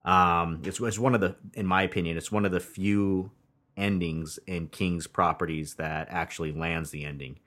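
A man co-hosting a casual podcast, chatty and profane, pausing with many ums as he talks. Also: low-pitched, fairly even intonation, fairly bright tone. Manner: laughs often, profane, chatty with hesitations. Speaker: podcast co-host. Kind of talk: casual movie review chat.

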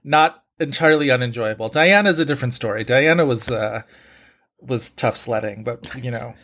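A man's voice: mid-range voice, normal speed, fairly bright tone. A man hosting a podcast, chatting casually and joking, with frequent fillers. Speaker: podcast host.

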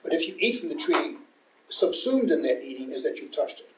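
A man's voice: fairly high pitch, big pitch swings, a little fast, a little hiss or hum. A man in a study discussion, making his point methodically, step by step. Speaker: participant. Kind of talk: discussion comment. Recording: echoey room, far from mic.

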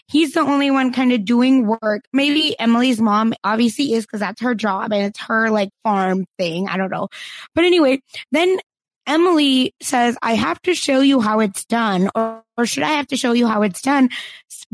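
A woman with a slightly high voice, recorded dry and close with no room sound. She talks in a casual, opinionated way, pressing her points with sassy emphasis. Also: no echo. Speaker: podcast co-host. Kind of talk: casual recap chat.

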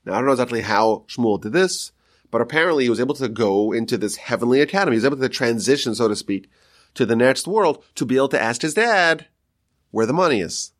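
A man, a rabbi, teaching a Talmud story with animated storytelling and quoted voices. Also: medium pitch, fast.

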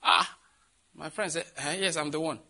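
A middle-aged Nigerian man preaching, telling a lively story and acting out the voices of the people in it, laughing often. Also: a little high, moderate pace, vocal fry. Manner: animated, acts out voices in anecdotes, laughs often. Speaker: pastor. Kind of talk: storytelling sermon.

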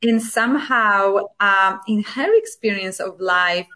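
Polish-accented woman guest, speaks in a measured, reflective way. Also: medium pitch, pushed and bright. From Poland. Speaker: success coach and speaker. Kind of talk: podcast guest conversation.

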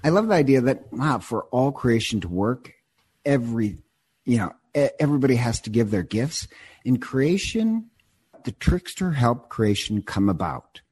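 A man in casual conversation, retelling a myth in an animated, digressive way and often repeating words as he goes. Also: mid-range voice, moderate pace, breathy edge.

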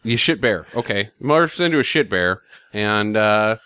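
A man in casual chat recapping a film, animated, swearing freely and dropping into silly voices. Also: on the low side, a little slow, clear, resonant tone, no room sound. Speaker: podcast co-host recapping a film.

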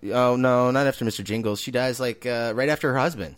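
A man's voice: medium pitch, fast talker, no echo, studio quality. A man co-hosting a casual movie review podcast, laid-back and swearing, arguing his points. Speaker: podcast co-host.

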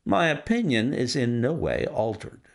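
Man voicing a composed gentleman sleuth, dry and exact, gravelly low tone with lively rises. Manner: measured, dry and self-assured. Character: cool, precise gentleman detective, adult male.

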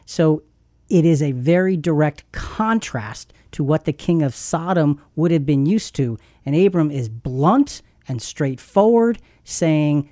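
A man's voice: fairly high pitch, lively intonation, slow pace, mellow, no echo, clean studio sound. A man teaching about a Bible passage in an emphatic way, repeating words as he builds his point. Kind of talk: Christian teaching podcast.

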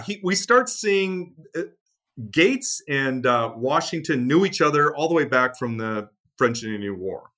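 A man's voice: mid-range voice, pushed and bright. A man, a guest author, explaining military history in a conversational interview, with frequent fillers and restarts. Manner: many fillers and restarts, storytelling with acted quotes.

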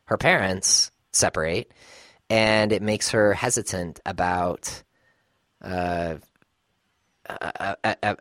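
A man co-hosting a podcast, weighing a film's scenes in a thoughtful, hesitant way. His voice is a little low. The sound is dry and close to the mic. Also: a bit bright, dry recording. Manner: thoughtful, hesitant, reads quotes aloud. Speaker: podcast co-host. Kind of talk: casual film discussion.

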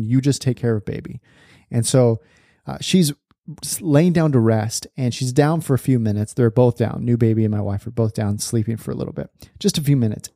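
A man's voice: mid-range voice, warm tone, no echo, studio quality. A man in his thirties hosting a podcast in a casual, chatty monologue, laughing often and calling listeners "man". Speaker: podcast host.

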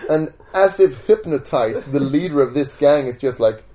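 A man of middling pitch tells a story in a relaxed interview at home. He is animated and jumps into the voices of the people in his tale. His delivery stays casual and chatty. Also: moderate pace. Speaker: magician guest.

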